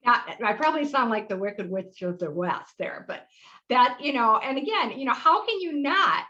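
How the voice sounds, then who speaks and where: A middle-aged woman teaches a live webinar, her voice bright and a little tense. She talks in a friendly, meandering way, full of ums and restarts. The audio is dull and lo-fi, as over a video call. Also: on the high side, expressive, normal speed. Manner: friendly, rambling, with fillers and laughs. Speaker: workshop host.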